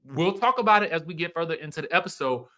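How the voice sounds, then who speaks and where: A man's voice: fairly high pitch, fast. A man hosting a casual live stream, greeting viewers and giving emphatic commentary. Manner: animated, emphatic, repeats phrases for effect. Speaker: host.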